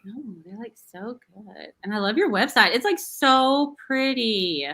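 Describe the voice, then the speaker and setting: A woman's voice: a little high, expressive, unhurried, fairly bright tone. An American woman co-hosting a casual talk show, giggly and bubbly, chatting with a guest over a video call. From United States. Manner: giggly, bubbly, uses y'all. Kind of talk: casual chat.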